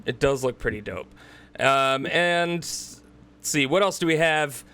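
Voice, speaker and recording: A man hosting a podcast, reading through upcoming releases in a casual chat with quick asides. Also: medium pitch, lively intonation, sharp tone, clear, resonant tone. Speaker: podcast host.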